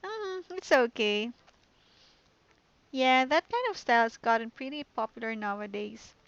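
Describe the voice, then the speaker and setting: Woman reading a poised schoolgirl club leader from a game, gentle and calm, on a dull lo-fi mic. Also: a little high, measured pace, dry recording. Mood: friendly. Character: poised confident teen girl club president. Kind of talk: reading game dialogue aloud.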